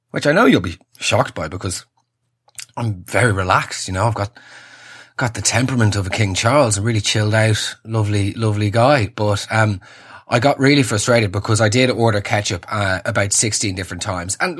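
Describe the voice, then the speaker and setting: A young man with a husky voice, giving an exasperated, sarcastic comic rant that swings from high squeals to low mutters. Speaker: comedian.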